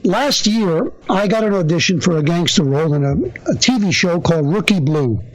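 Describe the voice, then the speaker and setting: An older man, a working actor and interview guest, telling stories with an animated delivery. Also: high-pitched, normal speed, poor audio. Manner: lively animated storyteller. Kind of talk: storytelling interview.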